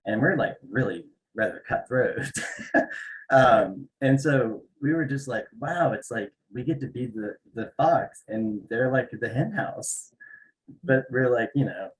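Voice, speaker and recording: Male host, casual interview banter, dry teasing humor, average pitch. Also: a little slow, poor audio. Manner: joking, teasing, deadpan asides. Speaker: podcast host.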